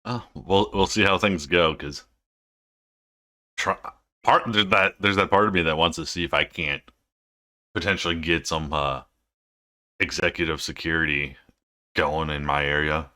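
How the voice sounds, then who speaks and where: A young man co-hosting a podcast, speaking in a laid-back, halting way with frequent restarts in casual chat. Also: very deep voice, bright, forceful tone. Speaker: podcast co-host.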